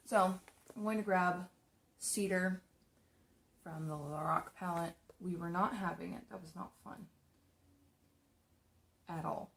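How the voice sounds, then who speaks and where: A woman's voice: lowish voice, fairly even intonation, slow pace, vocal fry, pauses often, a bit bright, a little hiss or hum. A young woman casually telling stories while doing her makeup, chatty and rambling, swearing freely. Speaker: makeup streamer.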